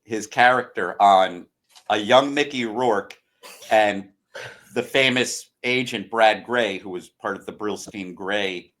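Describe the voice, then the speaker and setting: A man's voice: fairly low pitch, takes it slowly, fairly bright tone. An American man in a casual film-discussion chat, giving long, rambling explanations. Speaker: podcast co-host or guest.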